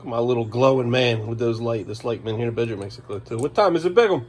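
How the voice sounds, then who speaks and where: A man's voice: mid-range voice, fast, slight background noise. A man filming a casual family vlog at home, coaxing and bantering with his small children. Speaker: father vlogging his day with his sons.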